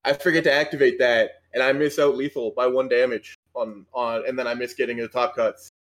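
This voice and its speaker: A man's voice: mid-range voice, steady tone, brisk, a bit bright. A man in his thirties chatting casually as a podcast guest, self-deprecating and laughing often. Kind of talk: casual chat.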